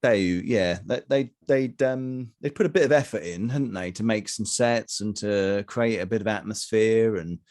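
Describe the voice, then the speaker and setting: A middle-aged man co-hosting a casual review chat, talking in halting bursts with many fillers and restarts. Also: fairly low pitch, darkish tone. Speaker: podcast co-host.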